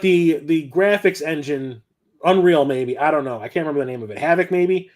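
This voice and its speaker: A middle-aged man hosting a livestream, telling stories in a loose, rambling, conversational way. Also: a little high. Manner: rambling, conversational storytelling with frequent restarts. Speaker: host. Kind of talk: casual livestream chat.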